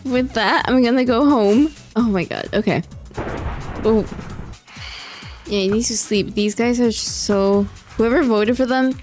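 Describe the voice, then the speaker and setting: A young woman with a fairly high voice chats casually over her gameplay, tired at a late hour. She pleads and sighs in exasperation and laughs often, and faint music plays under her voice. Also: a little slow, pauses often, a little mellow. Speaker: gaming vlogger.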